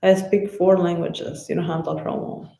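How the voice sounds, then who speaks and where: A woman's voice: on the low side, fairly even intonation, moderate pace, creaky, mellow, echoey room, poor audio. A woman boxer with a Spanish accent and Spanish as her first language, chatting loosely and swearing freely on a casual live stream. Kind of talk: casual live-stream chat answering comments.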